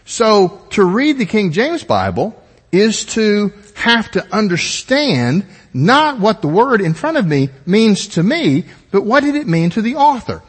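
A man's voice: high voice, very animated, measured pace, slightly rough, big-room sound. A man pastor giving a methodical teaching sermon, explaining points step by step with conversational asides.

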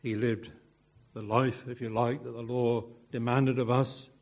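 Slow, husky-voiced male preacher. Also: medium pitch, level tone, darkish tone. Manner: measured, emphatic phrasing with rhetorical asides. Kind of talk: expository sermon.

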